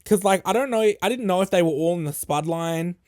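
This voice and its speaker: A male podcast host telling a casual, animated story full of swearing, acting out what other people said. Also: high-pitched, fairly quick, no echo, clean studio sound. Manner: animated, profane, acts out quoted people.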